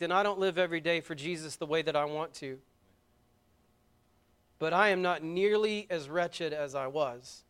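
A middle-aged man preaching a sermon in a church, moving between hushed, intimate stretches and loud, fervent ones. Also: on the high side, smooth. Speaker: pastor. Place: church sanctuary.

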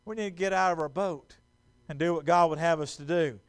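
A man preaching a sermon in a church, animated and stumbling over repeated words as he acts out quotes. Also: on the high side, fairly quick, clean tone. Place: church sanctuary.

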